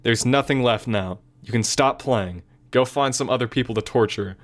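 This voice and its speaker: A man reading aloud the lines of a sweet, possessive young female club president, gentle and self-conscious, later pleading. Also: medium pitch, normal speed, close to an everyday voice. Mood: anguished. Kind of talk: reading game dialogue aloud.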